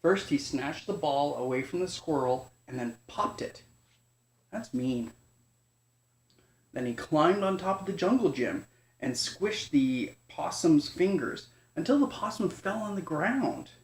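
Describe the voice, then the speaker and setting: A man reads a bedtime story aloud in a slow, unhurried way, with his voice sitting slightly high. He is gentle and informal and sometimes stumbles and corrects himself. The room sounds echoey around him. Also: lively intonation. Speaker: father reading to his son.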